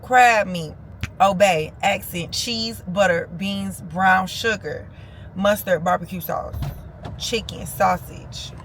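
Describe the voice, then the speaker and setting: A woman's voice: medium pitch, slow. Chatty young woman vlogging with road noise. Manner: chatty, loose and informal, addresses viewers as cousins. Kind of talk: casual vlog chat to camera.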